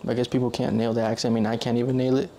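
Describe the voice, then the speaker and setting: A man's voice: medium pitch, level tone, racing, warm tone, slight background noise. A young man vlogging in a loose, rambling way, correcting himself often and filling gaps with "like". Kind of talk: casual rambling monologue.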